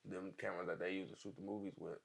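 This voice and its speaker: A young videographer speaks in a low, gravelly voice. He talks casually in slang. His tone is relaxed but can turn animated. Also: racing. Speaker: video director. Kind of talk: casual chat.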